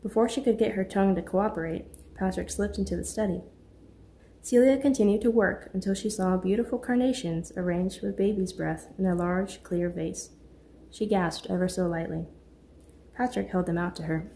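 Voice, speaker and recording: A woman narrating a Christian suspense audiobook with a steady, measured reading. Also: medium pitch. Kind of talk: scripted narration.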